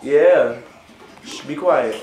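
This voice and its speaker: A man's voice: medium pitch, slow pace, noisy background. A young man casually telling a story to camera, rambling, with lots of fillers and "right?" tags. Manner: rambling, filler-heavy, says "right?" often. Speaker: vlogger. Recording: echoey room.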